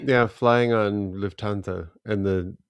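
Male podcast co-host, low voice, deliberate storyteller, dry booth. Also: fairly even intonation, clean tone, no room sound, highs cut off. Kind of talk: casual chat.

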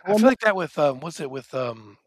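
Male podcast co-host, husky mid voice, hesitant, dry booth. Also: fairly high pitch, very animated, brisk, no room sound. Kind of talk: casual chat.

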